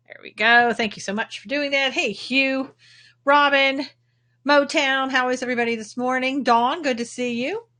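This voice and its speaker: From home in Texas, a woman with a Texan accent runs a laid-back livestream, talking and calling out viewers by name. She speaks at normal speed in a high, steady voice that is pushed and bright.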